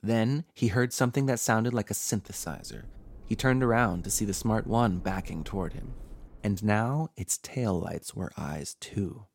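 A man hosting a horror podcast, reading a scripted horror story with dramatic, measured delivery. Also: on the low side, creaky. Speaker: horror podcast host and narrator. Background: faint music.

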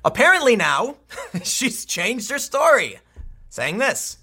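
A man delivering opinionated news commentary with a lively, bright, high-pitched voice. He sounds exasperated and sarcastic, tossing in quick asides as he talks. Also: vocal fry, slightly rough. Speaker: political commentator.

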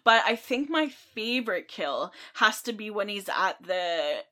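A woman's voice: mid-range voice, animated, a little slow, sharp tone. A woman co-hosting a podcast, chatting casually and easily, laughing along. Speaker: podcast co-host. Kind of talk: casual chat.

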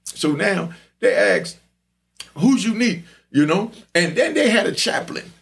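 Animated gravelly man telling a story. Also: sits high, measured pace. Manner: animated, streetwise, repeats "you know what I mean". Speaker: podcast host telling stories. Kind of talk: storytelling monologue.

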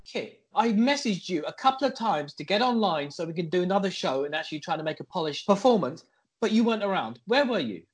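A man's voice: high-pitched, sing-song, quick pace, husky. Man in a put-on American accent. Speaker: podcast co-host. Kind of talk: comedic podcast banter.

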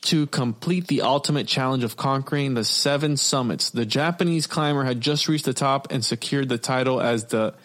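A man's voice: medium pitch, normal speed, hardly any pauses, fairly bright tone. A young man hosting a casual podcast, reading stories aloud, swearing freely and stumbling over words. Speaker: podcast host.

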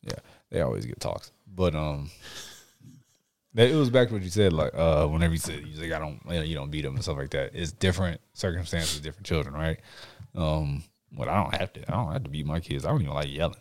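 A man's voice: very deep voice, expressive, fast talker, a little mellow, no room sound. A young man hosts a laid-back podcast, swinging his voice up and down as he tells stories. He curses freely, laughs often and slips into quoted voices. The sound is close and dry. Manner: profane, laughing storyteller who acts out quotes. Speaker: podcast host. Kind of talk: casual chat.

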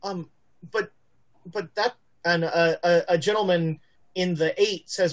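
A woman narrating as game master in a tabletop game, halting with many fillers. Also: fairly low pitch, steady tone.

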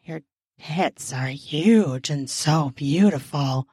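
A woman's voice: low-pitched, slow pace, a little mellow, husky, no echo, studio quality, pitched below the performer's own voice, full character voice. A woman voicing an admiring young man who mumbles his words.

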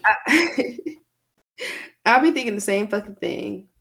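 A woman's voice: mid-range voice, measured pace, creaky, fairly bright tone, husky. A woman co-hosting a casual podcast, talking candidly and rambling, swearing freely and leaning on "like" a lot. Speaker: podcast co-host. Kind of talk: casual chat.

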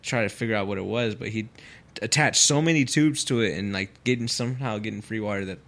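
Laid-back man, low easy voice. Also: fast, fairly bright tone. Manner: loose, filler-heavy, swears freely. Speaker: podcast guest, pro fighter. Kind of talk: casual storytelling.

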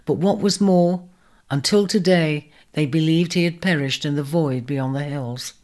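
Woman reading a fable aloud, lowish voice, steady. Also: unhurried. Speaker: narrator. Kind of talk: storybook reading.

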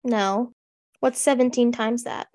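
A young woman co-hosting a podcast, chatting in an animated, sarcastic way and acting out quotes. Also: on the high side, takes it slowly. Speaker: podcast co-host. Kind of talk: casual snarky chat.

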